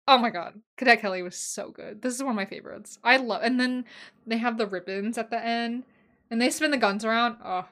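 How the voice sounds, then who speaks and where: Gushing young woman podcast host. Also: medium pitch. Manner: gushing, emotional, swings between loud excitement and quiet asides. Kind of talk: casual solo podcast chat.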